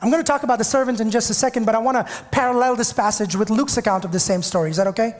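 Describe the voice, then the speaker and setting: High-pitched pastor guy preaching, fired up, talks back at the crowd, big echoey church hall. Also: very fast. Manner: impassioned preaching, calls out to the congregation; repeats and restarts phrases. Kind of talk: sermon. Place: church sanctuary.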